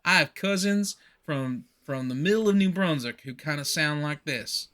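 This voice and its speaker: Animated, bright-voiced male podcast host. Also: fairly high pitch, normal speed. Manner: animated, laughing, rambling recaps. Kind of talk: casual chat about a movie.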